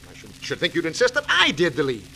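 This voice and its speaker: Grumbling jealous husband, 1940s radio comedy, very bright animated voice. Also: male voice, on the high side, quick pace, vocal fry, heavily acted, low-quality recording. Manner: sulky, grumbling. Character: grumpy, jealous middle-aged husband Oliver. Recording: old radio broadcast, faint hiss.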